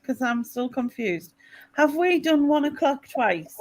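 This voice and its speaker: A woman's voice: sits high, animated, a little slow, over a noisy crowd. Chatty woman hosting a late-night video call. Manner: chatty, puzzled, laughs often. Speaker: livestream host.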